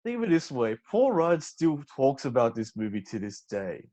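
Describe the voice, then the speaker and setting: A man guesting on a casual movie discussion. He talks in an animated, excitable way and swears freely. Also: mid-range voice, moderate pace. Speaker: podcast guest.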